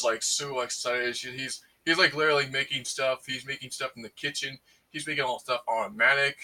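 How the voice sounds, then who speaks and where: A man excitedly recapping a movie in casual, rambling speech full of fillers and restarts. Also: medium pitch, slightly rough, far from the mic, rough recording. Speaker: movie reviewer.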